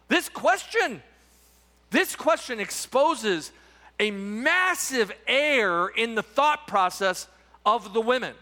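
A man's voice: very high-pitched, sing-song, takes it slowly, pushed and bright. A male pastor giving an Easter sermon with emphatic preaching, repeating words and tossing rhetorical asides to the congregation. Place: church sanctuary. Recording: reverberant church sanctuary.

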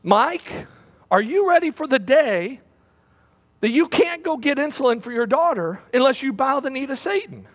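High-voiced preacher in a reverberant hall. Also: male voice, lively intonation, normal speed. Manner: dramatic swings between loud and hushed, repeats phrases. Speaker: pastor. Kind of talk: sermon. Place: church platform.

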